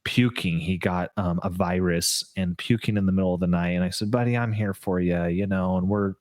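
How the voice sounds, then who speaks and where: A man's voice: low-pitched, steady tone, a little fast, dry recording, clean studio sound. A man hosting a faith podcast, talking in an earnest, rambling way with many fillers. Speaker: podcast host. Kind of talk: casual interview chat.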